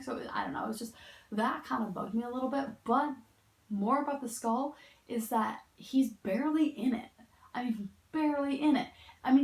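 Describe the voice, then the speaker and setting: A woman's voice: medium pitch, vocal fry. A young woman reviewing a book in a casual, rambling and opinionated way, heavy on "like" and "um", sounding tired as she sits in a chair indoors. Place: indoor room, sitting in a chair. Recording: echoey room.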